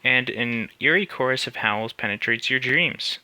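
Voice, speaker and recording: A man's voice: mid-range voice, normal speed, sharp tone, dry recording. A man streaming live, reading a text adventure aloud and answering it with cocky, joking banter.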